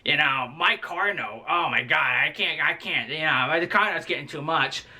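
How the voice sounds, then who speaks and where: A woman's voice: deep voice, normal speed, sharp tone, pitched below the performer's own voice. A young man voicing an older woman lunch aide who wearily complains about her car payments. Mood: grumbling.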